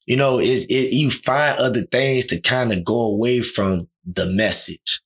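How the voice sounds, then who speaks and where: A man's voice: lowish voice, moderate pace, hardly any pauses. A man talking in a casual, slangy chat, often acting out quoted dialogue.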